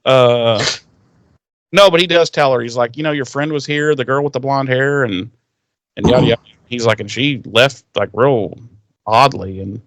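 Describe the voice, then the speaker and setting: A man's voice: mid-range voice, a little slow, pauses often, dry recording. Guy on a podcast swearing his way through an episode recap, dry close mic. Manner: profane, animated retelling with quoted character lines. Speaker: podcast co-host. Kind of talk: casual recap chat.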